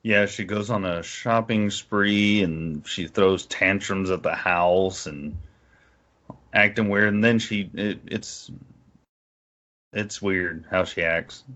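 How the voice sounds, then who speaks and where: A man's voice: low voice, fairly even intonation, slow, a bit bright, highs cut off. A man co-hosting a podcast, chatting casually about a movie with joking asides.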